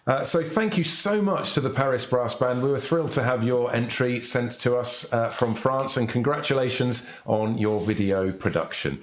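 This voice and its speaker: A man's voice: mid-range voice, moderate pace, few pauses, echoey room. A man hosting a live online contest broadcast, chatting and handing over to his guests. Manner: chatty, inviting guests to comment. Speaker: livestream contest host.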